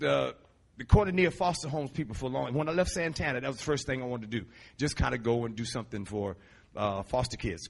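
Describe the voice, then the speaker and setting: A middle-aged man, a Christian musician, preaching in a lively storytelling way, laughing often and stretching words for emphasis, with a husky voice. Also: mid-range voice. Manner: animated, laughing, drawn-out emphasis. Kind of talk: storytelling sermon.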